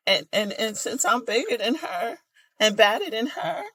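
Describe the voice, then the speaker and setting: A man voicing a simpering, overemotional man as a mocking take on himself, in a high, whiny voice. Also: lively intonation, moderate pace, pushed and bright, full character voice.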